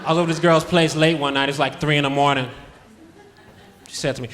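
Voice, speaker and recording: A man in his twenties doing a stand-up comedy set on a club stage, with a laid-back, deadpan delivery into a handheld mic. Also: on the high side, fast, pauses often. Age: 20s. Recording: live club recording with crowd noise. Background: audience laughter.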